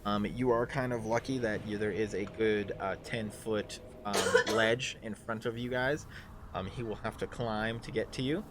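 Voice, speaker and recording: A man narrating as game master in a live tabletop game, loose and halting with lots of fillers. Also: lowish voice, steady tone, over a noisy crowd.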